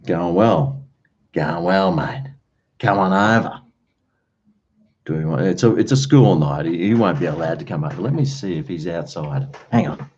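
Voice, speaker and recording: Deep-voiced Australian man chatting. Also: normal speed, darkish tone, a little hiss or hum. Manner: rambling, chatty, uses slang and mate. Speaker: livestream host. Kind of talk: casual chat with live viewers. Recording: dull lo-fi stream audio.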